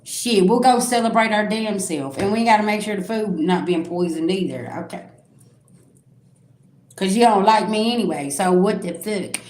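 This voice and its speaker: A woman holds a casual live-stream reading and talks straight to her viewers. She is blunt and curses freely, and her voice sits at an ordinary pitch. The room around her rings with echo. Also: moderate pace, a little mellow. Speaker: psychic reader on a live stream. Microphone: own microphone.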